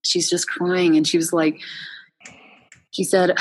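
A woman founder, a guest in a casual interview, telling stories in an animated way with many restarts. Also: on the low side, takes it slowly, slightly rough, long reverb tail.

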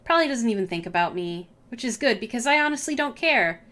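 A woman reading as an awkward young college dropout, nervous and self-deprecating, who fusses over every little thing. Her voice sits slightly high. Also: expressive, quick pace, a bit bright. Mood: anxious.

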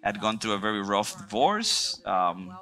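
In a church meeting room, a man with a lowish, sing-song, pushed and bright voice speaks a little slowly during a breakout talk. He shares a personal testimony, asks the group questions, jokes with them, and speaks earnestly.

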